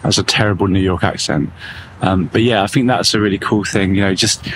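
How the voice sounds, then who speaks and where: A man's voice: low-pitched, steady tone, a little fast. A man talking as a vlogger outdoors on a town street, musing in a loose, reflective way. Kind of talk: casual walking vlog. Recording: street traffic noise behind.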